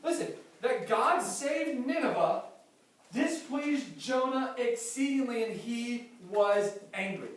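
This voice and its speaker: Emphatic male pastor, high voice, preaching from afar in a very echoey church hall. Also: lively intonation, slow pace. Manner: emphatic preaching, repeats key phrases. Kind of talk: sermon. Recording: very echoey hall, mic far off.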